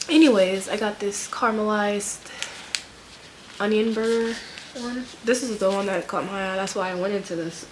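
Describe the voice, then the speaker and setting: A woman's voice: mid-range voice, very noisy. Stuffy-nosed woman chatting casually. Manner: rambling, filler-heavy, laid-back. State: stuffy nose. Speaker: vlogger, full-time nurse. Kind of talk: casual haul chat.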